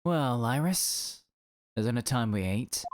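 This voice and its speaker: A man voicing a melancholy, theatrical gentleman detective in a low, mournful tone. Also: expressive, slow, a little hiss or hum. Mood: despondent.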